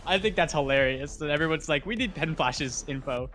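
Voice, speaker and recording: A young man hosting a watch party stream, chatting casually, reading chat aloud and getting hyped with jokey asides. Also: fairly high pitch. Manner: excitable, quick to get hyped, jokey asides.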